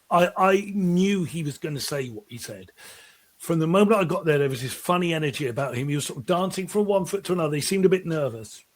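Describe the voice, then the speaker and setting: A middle-aged man with a fairly high voice, guesting on an interview show. He tells long, animated stories and keeps restarting his sentences. His delivery is casual and chatty. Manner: animated, rambling anecdotes with frequent restarts. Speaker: musician guest.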